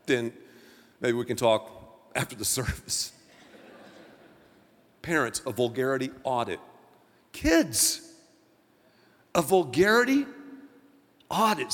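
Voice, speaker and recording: Animated, bright-voiced male pastor preaching. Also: long reverb tail. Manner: emphatic preaching with wide swings of loudness and pitch. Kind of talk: sermon.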